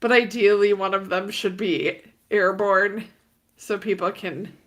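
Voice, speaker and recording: A woman co-hosting a casual stream, making deadpan, playful jokes. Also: medium pitch, measured pace. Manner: deadpan joking, playful bits. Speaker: stream co-host.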